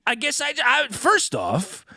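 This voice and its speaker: A man's voice: very high voice, huge pitch swings, takes it slowly, pushed and bright, no room sound, clean studio sound. A man hosting a comedy podcast, reading a news story aloud in an over-earnest announcer manner. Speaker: podcast host. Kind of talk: comedic mock-news talk show.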